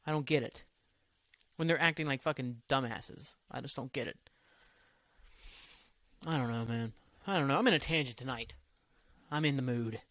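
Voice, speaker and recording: A man's voice: medium pitch, moderate pace, long pauses, fairly bright tone, no room sound. A man hosting a solo podcast, rambling from topic to topic in loose, profane talk that often trails off. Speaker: podcast host.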